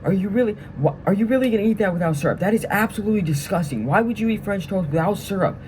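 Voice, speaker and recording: A man doing a yelling drill sergeant. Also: high-pitched, animated, fast talker, a little hiss or hum, pitched above the performer's own voice. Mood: scolding. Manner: loud scolding, incredulous questions. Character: yelling male drill sergeant, gruff but joking.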